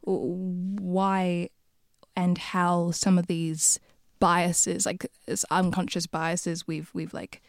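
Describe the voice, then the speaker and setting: A woman's voice: lowish voice, flat delivery, slow, no room sound, studio quality. A young woman from the UK, a podcast guest who speaks hesitantly with many restarts in a reflective casual chat.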